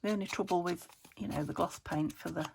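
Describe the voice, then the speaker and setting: A woman's voice: fairly low pitch, fairly quick, creaky. A middle-aged woman chatting casually to herself while she works on a craft, often dropping into a whisper. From United Kingdom. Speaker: craft vlogger. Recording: noisy home recording.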